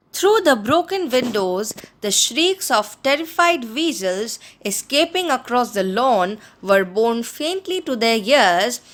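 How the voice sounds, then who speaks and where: Slow, expressive woman reading a storybook. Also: fairly high pitch. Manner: expressive, measured reading aloud. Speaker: audiobook narrator. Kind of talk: storybook reading of a classic novel.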